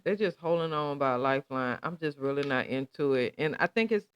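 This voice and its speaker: A man talking casually to his audience, rambling along and checking in with them often. His voice is smooth and resonant, easygoing and unhurried in manner. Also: on the high side. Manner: relaxed, rambling, chatty with many fillers. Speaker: vlog host. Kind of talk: casual chat.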